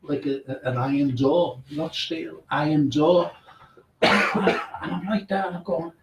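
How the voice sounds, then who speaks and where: A man's voice: a little high, takes it slowly, far from the mic, heavy background noise. A man hosting a live radio show. He reads out listeners' names and messages in a chatty way, then tells a ghost story with stammering restarts. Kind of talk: casual chat, live show. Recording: echoey room, away from the mic.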